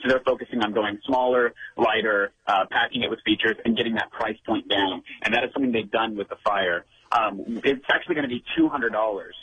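A man phoning in as a guest on a radio show, giving quick gadget reviews with sarcastic jokes. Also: fairly low pitch, fairly bright tone, breathy edge, no room sound, poor audio. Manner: quick, jokey, sarcastic asides. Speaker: tech show host as phone guest. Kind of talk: casual radio phone interview. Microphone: telephone.

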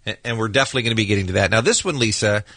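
A man's voice: on the low side, rapid-fire, no echo. A man co-hosting a morning radio show, telling stories with wry jokes in casual banter. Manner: wry, joking, animated storytelling.

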